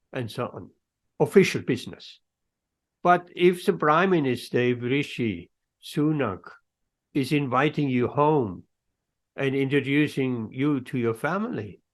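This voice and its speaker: A man teaching a scripture class, telling stories in an unhurried way with pauses mid-phrase and acting out the quoted voices. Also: medium pitch. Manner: storytelling, acts out quoted voices. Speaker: spiritual teacher.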